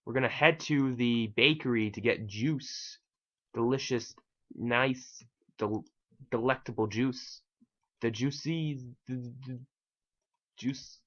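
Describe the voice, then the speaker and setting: A man's voice: mid-range voice, slow, long pauses, dull audio. A man giving casual gameplay commentary as host, rambling and self-mocking with casual swearing. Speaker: gaming channel host.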